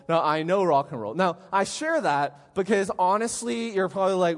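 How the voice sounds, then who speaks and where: A middle-aged man preaching a conversational sermon as pastor, telling stories in an animated way and often asking "right?". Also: high-pitched, brisk, few pauses, in a large hall. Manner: animated storytelling, frequent "right?". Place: church hall.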